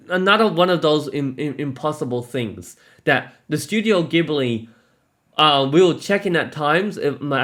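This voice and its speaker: A man's voice: mid-range voice, a bit bright. A man vlogging about a trip, gushing and out of breath, restarting his sentences often. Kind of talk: excited travel vlog.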